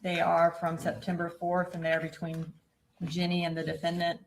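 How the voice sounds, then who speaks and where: Low, gravelly woman prosecutor questioning a witness. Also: completely flat delivery, rough recording. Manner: measured, procedural questioning. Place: courtroom.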